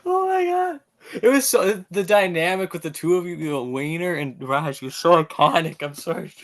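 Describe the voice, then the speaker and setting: A man's voice: sits high, animated, normal speed. A man hosting a podcast who quotes lines at his guest, giggling and apologizing. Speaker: podcast host. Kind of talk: casual interview chat.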